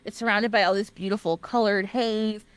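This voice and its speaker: A woman podcast host retelling a legend in a casual, animated way, often laughing and talking straight to listeners. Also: mid-range voice, normal speed, clear, resonant tone. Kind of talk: casual storytelling.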